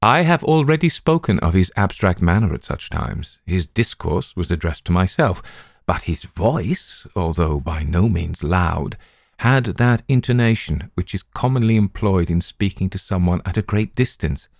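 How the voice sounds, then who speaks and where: A man narrating a classic story as an audiobook, in an even, steady storytelling manner. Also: low-pitched, normal speed, gravelly, dry recording, clean studio sound.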